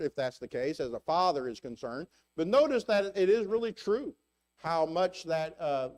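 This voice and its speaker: Older man, preacher, sermon, high-pitched voice, halting, many fillers, conversational. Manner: rises in pitch for rhetorical questions. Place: church.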